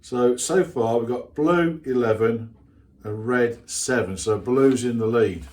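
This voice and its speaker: Speaking slowly in a mid-range voice with a darkish tone, an older man runs his hobby channel. His talk is casual and rambling, with self-mocking asides as he reads out comments from viewers.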